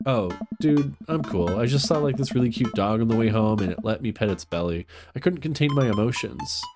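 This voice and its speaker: A man's voice: medium pitch, animated, fairly quick, over music. A man streaming a dating game, reading its lines aloud and joking about it. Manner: joking, reads dialogue in playful voices.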